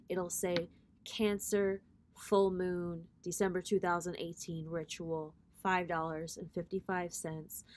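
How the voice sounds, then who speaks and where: A woman's voice: mid-range voice, a little hiss or hum. Blunt, profane woman giving spiritual advice. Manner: blunt, profane, preacher-like cadence. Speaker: spiritual reader and host. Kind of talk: casual spiritual pep talk to viewers.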